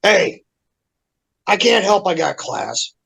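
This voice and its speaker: A man on a heated, profane rant in casual podcast chat, animated and cursing constantly. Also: high voice, slow pace, gravelly, breathy edge, rough recording. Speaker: podcast regular.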